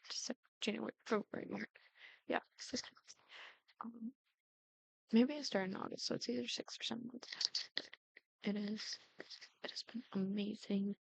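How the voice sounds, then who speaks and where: A woman's voice: mid-range voice, gravelly, no room sound. A young woman YouTuber chatting casually over gameplay, rambling with frequent ums. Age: young adult. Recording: dull lo-fi dry sound.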